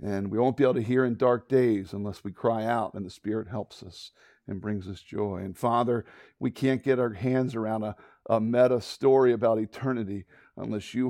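A man preaching a sermon, telling a Bible story with lively acted-out voices and closing in a hushed prayer. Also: lowish voice, no echo, studio quality. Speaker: pastor.

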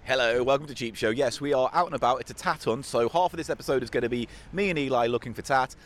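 A man's voice: mid-range voice, fast, fairly bright tone. A man hosting a comedy podcast outdoors, making dry, teasing asides in casual banter. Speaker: podcast host.

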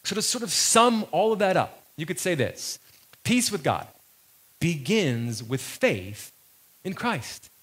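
A man preaching a sermon to a congregation in a conversational, lively way, slowing down to stress key phrases. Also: high-pitched, slightly rough. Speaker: pastor.

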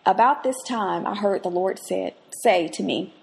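A woman hosting a faith podcast, who moves between quiet reflection and lively personal stories as she teaches. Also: medium pitch, normal speed, creaky. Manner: expressive, swings from hushed reflection to lively anecdote. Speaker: podcast host and Bible teacher. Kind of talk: devotional teaching with personal storytelling.

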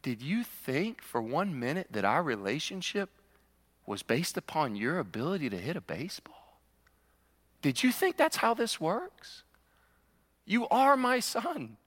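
A man's voice: fairly high pitch, huge pitch swings, a little slow, fairly bright tone, full character voice. A preacher acting as an urgent pleading father. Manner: urgent, stammering repeats. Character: pleading earnest father talking to his grown son.

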